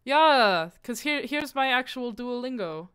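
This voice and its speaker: A woman streamer chatting casually to her live audience, excitable and quick to swear, with sudden loud outbursts, sounding out foreign phrases as she practices them. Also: on the high side, clear, resonant tone. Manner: repeats foreign phrases aloud while practicing.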